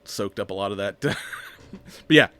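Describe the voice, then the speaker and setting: A man's voice: fairly low pitch, moderate pace, fairly bright tone. A man casually recapping a movie on a podcast, rambling, laughing often and acting out the lines. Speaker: podcast co-host.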